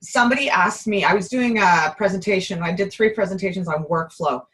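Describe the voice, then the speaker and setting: A woman talks as an interview guest, upbeat and chatty. Her voice is a little hoarse and worn, and her pitch sits at an ordinary middle level. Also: fairly quick, a bit bright, poor audio. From Canada. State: slightly hoarse. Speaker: guest presenter, bookkeeper. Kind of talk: casual interview.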